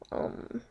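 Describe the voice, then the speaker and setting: A woman reading a fanfiction story aloud in first-person narration, often stumbling and correcting herself as she goes. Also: dull audio. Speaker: fanfiction reader.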